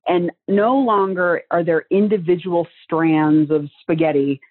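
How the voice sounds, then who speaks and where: A woman's voice: lowish voice, measured pace, breathy edge. A woman speaking as a guest on a podcast, earnest and reflective, explaining advice with everyday images. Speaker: guest, communication trainer. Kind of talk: podcast conversation. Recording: tinny phone-like line.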